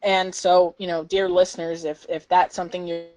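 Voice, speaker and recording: A young woman co-hosting a casual podcast, talking excitedly and chattily with plenty of fillers. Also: fairly low pitch, moderate pace. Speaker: podcast co-host.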